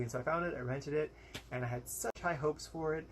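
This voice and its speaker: A man's voice: medium pitch, fairly even intonation, moderate pace, a bit bright, a little hiss or hum. A young American man giving a casual, rambling movie review, frank and exasperated, with lots of fillers and quoted asides. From United States.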